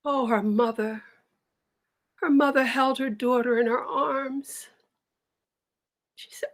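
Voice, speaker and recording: An expressive woman storyteller telling folktales with dramatic flair and questions thrown to her audience. Her voice is high and her delivery slow and deliberate, savoring each line. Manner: animated, dramatic, addresses listeners directly.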